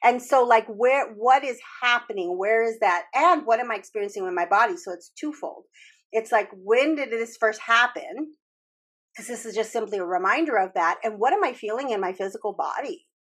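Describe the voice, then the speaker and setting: A woman's voice: a little high, expressive, normal speed, fairly bright tone, husky. A woman hosting a casual talk, explaining earnestly with frequent restarts and the odd swear word. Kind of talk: casual podcast chat about trauma healing.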